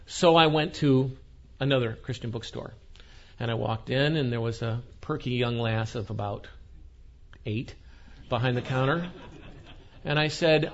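A man preaching a sermon as a wry, animated story, acting out the people he quotes, on a dull lo-fi recording. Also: mid-range voice, normal speed, long pauses.

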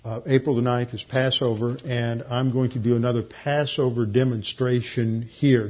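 A man pastor giving verse-by-verse Bible teaching in a measured, explanatory way, slowing down to stress key phrases. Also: medium pitch, steady tone, dull audio.

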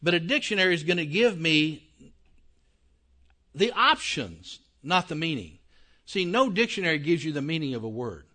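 With big pitch swings, a moderate pace and a sharp tone, a man of slightly raised pitch teaches a Bible class to his congregation. He speaks plainly, keeps asking whether people follow, and stretches out the words he means to stress.

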